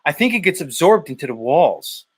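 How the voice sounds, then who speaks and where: Higher-voiced man ranting and swearing. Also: sing-song, normal speed, breathy edge. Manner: mocking, profane, ranting. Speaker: show host. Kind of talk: casual profane ranting commentary.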